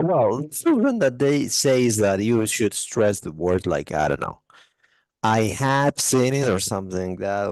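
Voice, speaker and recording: A man teaching English grammar online, explaining in a relaxed way with many fillers. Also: mid-range voice, no room sound, poor audio. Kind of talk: online test-prep tutoring.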